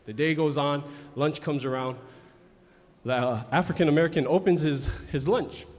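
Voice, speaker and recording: Over a microphone in a large indoor event hall, a man emcees a live pageant, making loud announcements and telling the audience a long joke in a chatty, storytelling way. His voice is a little high at normal speed, with long hall reverb.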